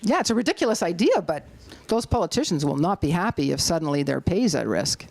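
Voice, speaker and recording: A middle-aged Canadian activist talks a little fast in an animated public address at a community hall. She rallies the audience and acts out quotes using a high voice.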